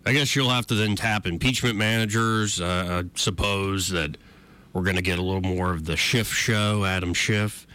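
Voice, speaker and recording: A man's voice: low voice, fairly even intonation, normal speed, bright, forceful tone, no echo. A man hosting a political talk radio show, sarcastic and conversational.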